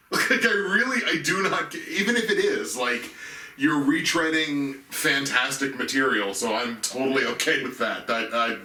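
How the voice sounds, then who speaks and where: A man's voice: medium pitch, sharp tone, slight background noise. A man co-hosting a movie podcast, ranking his favorite films with open enthusiasm. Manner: enthusiastic, laughs while talking. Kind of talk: casual film review chat. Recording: echoey room, mic at a distance.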